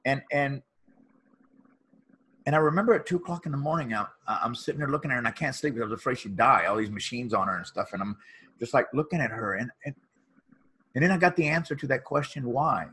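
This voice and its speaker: A man's voice: medium pitch, fast, fairly bright tone, slightly rough. A man, a motivational speaker and author, earnestly telling a personal story as a guest in an interview.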